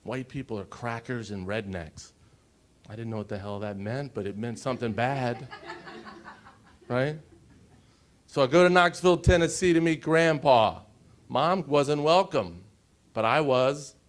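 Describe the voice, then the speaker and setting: Man in his 40s giving a talk, emotional personal story, keeps asking the crowd stuff, pauses a lot. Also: medium pitch. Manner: emotional, pausing, asks the audience questions. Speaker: conference speaker. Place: conference stage before an audience.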